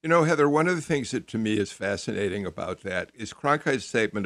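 A man's voice: on the low side, lively intonation, fairly quick, a bit bright, dry recording. A man hosting a radio interview, talking conversationally with frequent restarts. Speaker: radio host.

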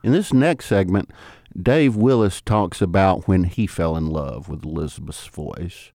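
A man with a Southern US accent, hosting an interview with relaxed storytelling. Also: sits low, unhurried, vocal fry, no echo, clean studio sound. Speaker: host. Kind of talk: radio interview.

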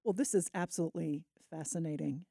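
Female radio host, curious interviewer with brief affirmations, mellow tone, dry studio mic. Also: deep voice, fast talker, gravelly, dry recording.

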